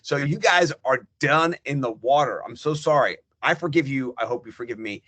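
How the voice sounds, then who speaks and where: A middle-aged man, a fantasy football guest on a podcast, ranting in animated, profane casual chat. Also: mid-range voice, moderate pace.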